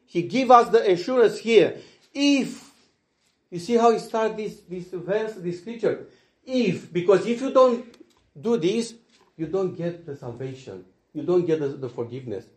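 An earnest man delivers a sermon, his voice sitting a little high. He swings between loud, emphatic lines and soft, hushed asides. The sound carries the echo of a roomy space. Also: lively intonation, measured pace. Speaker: preacher. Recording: echoey room.

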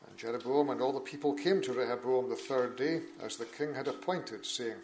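A man with an ordinary mid-range voice reads scripture aloud at a church meeting. His delivery is steady and measured. He breaks off now and then for short plain asides to the listeners. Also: mid-range voice, noisy background. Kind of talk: Bible reading at a church meeting.

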